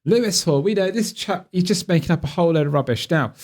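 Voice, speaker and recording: A man in a casual reaction chat, talking back to clips with a mocking, animated edge. His voice sits fairly high for a man. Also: brisk, hardly any pauses. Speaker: fan channel host reacting to clips.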